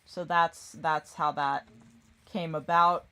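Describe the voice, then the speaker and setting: A woman's voice: sits low, fairly even intonation, takes it slowly, pushed and bright. A woman streaming a game, chatting casually and rambling, often distracted. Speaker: gaming streamer. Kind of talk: casual chat while gaming.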